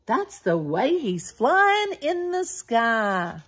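A woman reading a children's picture book aloud in a playful, animated sing-song, with big exclamations. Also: fairly high pitch, extremely slow, husky. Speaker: children's storybook reader.

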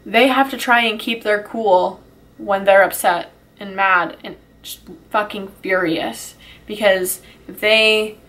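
A woman's voice: mid-range voice, steady tone, takes it slowly, fairly bright tone. A woman talking to her small channel in an emotional vlog, upset and swearing, rambling with sighs and restarts. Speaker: YouTuber.

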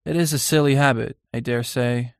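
An earnest young painter, as a man reads him in a storybook reading. He speaks sincerely and with some unease, at an ordinary pitch. The recording is close and dry. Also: fairly even intonation, normal speed, vocal fry, clean tone, no room sound, lightly acted.

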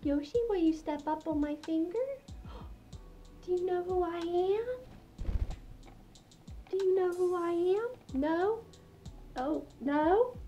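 A woman voicing a gentle, soft-spoken stranger who coaxes pet birds in a high voice. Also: takes it slowly, pauses often, highs cut off. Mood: coaxing.

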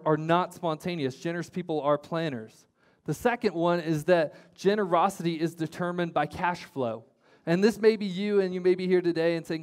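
A pastor gives a sermon in a fairly high male voice. He drives points home by repeating phrases and often restarts mid-sentence. His talk is plain and conversational. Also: darkish tone. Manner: repetitive emphatic phrasing, many restarts.

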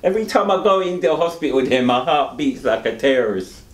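A man's voice: on the high side, lively intonation, fast talker. A man talking candidly in an interview. He rambles and tags his lines with "you know," often with rueful laughter. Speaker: interviewee, dialysis patient. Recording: roomy echo.

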